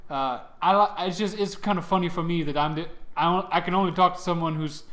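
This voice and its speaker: A man's voice: sits high, fast talker, a bit bright. A man voicing a mischievous male gnome god of humor, chummy and rambling, in a tabletop game. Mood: teasing.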